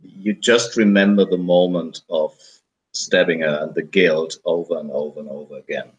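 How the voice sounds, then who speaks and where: A man's voice: sits low, fairly even intonation, moderate pace, muffled recording. A man narrating in a tabletop story game, hesitant and searching for words. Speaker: player.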